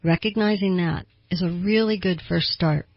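Older woman, therapist host of an advice show, breathy low voice, earnest and questioning, dry muffled studio sound. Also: moderate pace, dry recording. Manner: earnest, asks listeners direct questions.

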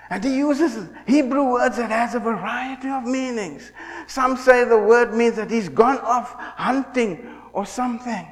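A male preacher delivering a dramatic sermon, swinging from shouting to a hushed murmur. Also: extremely high pitch, a little slow. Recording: echoey hall.

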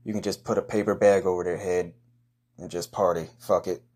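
A man hosting a comedy podcast, giving a crude, boastful hype monologue full of rowdy trash talk and loud whoops. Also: deep voice, steady tone, fairly quick, slightly rough.

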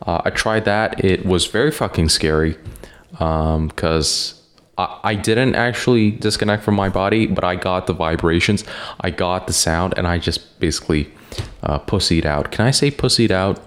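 A man's voice: deep voice, normal speed. A man hosting a podcast in casual chat, rambling and hesitant with lots of fillers and casual swearing. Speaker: podcast host.

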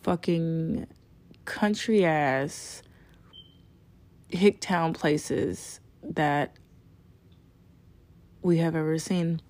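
Young woman, low-set voice, blunt and cursing storyteller, dry close sound. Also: no room sound. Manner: frank and profane, animated retelling. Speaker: storyteller sharing a personal experience. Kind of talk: casual personal storytelling.

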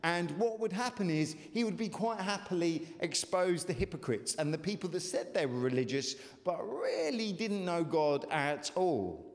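Male pastor, sermon, fairly high voice, animated, long hall echo. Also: normal speed, few pauses. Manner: animated, urges congregation to call out; many fillers and restarts. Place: church hall.

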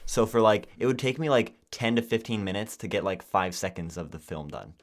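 A young man co-hosting a podcast, chatting casually and telling animated stories full of fillers. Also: on the low side, fairly quick. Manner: animated storytelling with lots of fillers. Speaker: podcast co-host. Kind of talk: casual chat.

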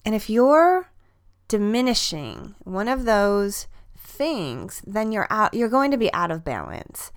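A woman's voice: mid-range voice, very animated, takes it slowly, clean tone. A woman hosting a podcast, talking in an earnest, emphatic way about mind, body and feelings, and repeating words for stress. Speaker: podcast host, fitness coach. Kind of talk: personal motivational monologue.

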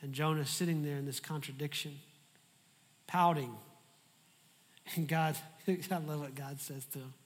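A man preaching a sermon as a pastor, animated and humorous in how he tells the story. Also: on the high side, measured pace, pauses often, in a large hall.

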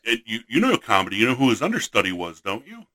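A man's voice: medium pitch, wildly swooping pitch, quick pace, pushed and bright, poor audio. An American man hosting a casual interview, teasing and jokey, full of enthusiasm. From United States.

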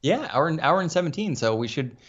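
A man's voice: on the high side, big pitch swings, fast, fairly bright tone. A man talking as a guest on a sports podcast, chatting casually and complaining with exasperation. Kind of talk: casual chat. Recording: dull lo-fi audio.

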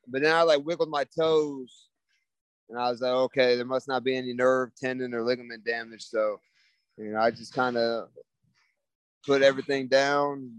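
A man's voice: mid-range voice, no echo, low-quality recording. A laid-back young man telling a story in a casual interview, rambling with lots of fillers. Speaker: guest, former football player.

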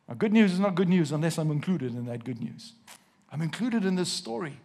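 Male preacher, high-pitched, breathy edge; slow emphatic scripture reading, questions to the congregation, light humor. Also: animated, darkish tone. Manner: reads scripture slowly with emphasis, asks the congregation questions, jokes. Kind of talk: sermon to a live congregation. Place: church.

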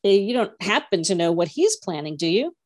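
A woman's voice: mid-range voice, sing-song, fairly quick, a little mellow. A woman voicing a shy, hopeful teenage girl who speaks eagerly and a little breathlessly.

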